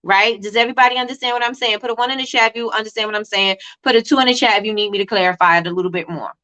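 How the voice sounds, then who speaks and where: Running a live coaching stream for small business owners, a woman with a mid-range, pushed and bright voice talks quickly, repeats points, and answers chat messages on the fly.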